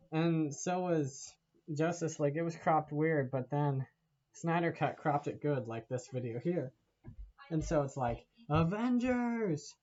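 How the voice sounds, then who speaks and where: A man's voice: on the high side, a little mellow, lo-fi sound. A man giving a casual, rambling movie rant to camera, laughing often and swearing as he talks. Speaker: vlogger.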